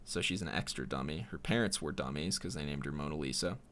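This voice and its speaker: A man's voice: extremely low pitch, animated, fast, fairly bright tone, a little hiss or hum. A man hosting a solo podcast, rambling in a profane, sardonic way. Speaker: podcast host.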